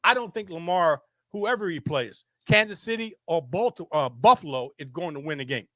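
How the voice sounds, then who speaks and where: A man's voice: on the high side, lively intonation, normal speed, pushed and bright, no echo. A man hosting a sports show, arguing heatedly, repeating himself and restarting his sentences. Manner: insistent, repetitive, stammering restarts. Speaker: show host. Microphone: facing a camera.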